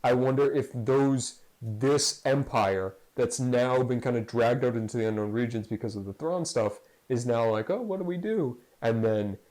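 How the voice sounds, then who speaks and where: A man's voice: medium pitch, moderate pace, few pauses, darkish tone, low-quality recording. A man hosting a casual fan podcast, talking in a rambling, jokey way. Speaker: podcast host.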